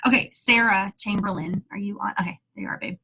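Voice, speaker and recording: A woman's voice: mid-range voice, fairly even intonation, quick pace, creaky, pushed and bright, breathy edge. A woman hosting a video call who sounds encouraging and close to tears. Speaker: call host.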